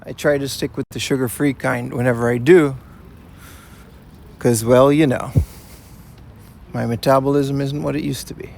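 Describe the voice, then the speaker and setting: A man's voice: mid-range voice, fairly even intonation, normal speed, creaky, long pauses, a little mellow. A man streaming live while he walks outdoors on city streets. He chats casually and reads out and answers his chat in a laid-back way, often saying "man" and "you know". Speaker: IRL streamer. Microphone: portable streaming rig carried while walking.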